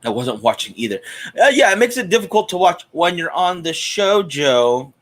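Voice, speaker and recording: A man's voice: sits high, sing-song, normal speed, fairly bright tone. A man hosting a live cigar stream in a chatty, casual way, greeting viewers by name. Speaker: host of a cigar show.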